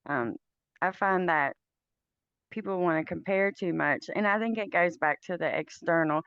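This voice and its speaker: A woman hosting a podcast, chatting in a relaxed, easygoing way. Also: on the low side, normal speed, clean tone, no echo, lo-fi sound. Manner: relaxed, chatty, uses fillers. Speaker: podcast host. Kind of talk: casual podcast conversation.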